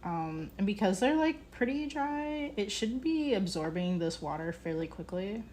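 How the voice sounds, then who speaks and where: This young woman talks at a moderate pace in a medium-pitched, darkish voice that is very animated, with slight background noise behind her. She's streaming live from her ceramics studio, chatting casually and somewhat distractedly as she works the clay, correcting herself and using lots of fillers.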